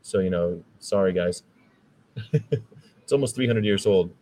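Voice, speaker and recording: A man's voice: low voice, unhurried, mellow, slight background noise, poor audio. An American man hosting a podcast, talking in a casual, rambling monologue that turns preachy. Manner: chatty, rambling, preachy about veganism. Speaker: vegan podcast host.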